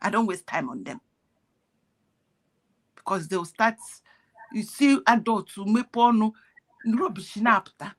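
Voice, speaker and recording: A woman's voice: medium pitch, lively intonation, slow, long pauses. A woman giving earnest, preachy commentary in parables, sounding pained. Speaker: activist speaking on a call. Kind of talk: impassioned commentary.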